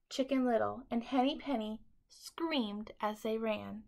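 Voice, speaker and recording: A woman teacher reading a bedtime story aloud to children in an expressive, dramatic way. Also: fairly high pitch, unhurried, creaky, hardly any pauses.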